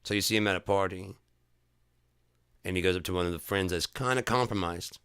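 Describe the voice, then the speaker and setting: Deep, bright-toned man ranting. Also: brisk, smooth, no room sound, studio quality. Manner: profane, heated ranting; rambling with restarts. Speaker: livestream host. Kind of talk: casual chat.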